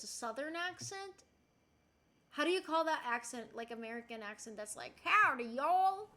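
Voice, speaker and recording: High bright woman streamer. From Puerto Rico. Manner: chatty, playful, giggly, swears casually. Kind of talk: casual chat reading stream chat.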